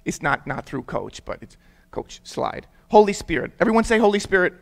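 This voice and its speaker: A man's voice: sits high, big pitch swings, normal speed, creaky. A young man preaching to a youth group, getting the audience to repeat words and telling stories in a casual, conversational way. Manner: conversational storytelling with casual fillers. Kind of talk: interactive sermon for young people.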